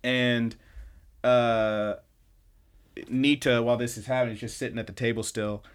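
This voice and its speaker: A man's voice: medium pitch, fairly even intonation, smooth. Man casually recapping episodes. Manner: chatty storytelling, quoting characters in quick bits; loose, with frequent fillers and swearing. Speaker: podcast host.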